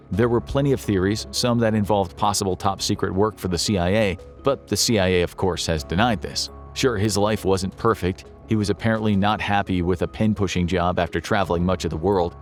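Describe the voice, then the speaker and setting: A man reading scripted documentary narration in a measured, even storytelling manner. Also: lowish voice.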